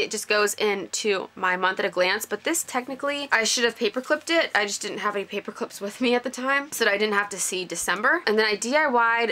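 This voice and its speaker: A woman's voice: on the high side, sharp tone. A woman casually walking through her planner setup, chatty and self-correcting, with little laughs between thoughts. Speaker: planner vlogger. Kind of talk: casual show-and-tell walkthrough.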